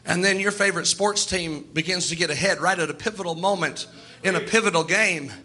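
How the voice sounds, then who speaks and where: A man preaching a sermon in a folksy, animated way, slipping into quoted asides. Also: high voice, brisk.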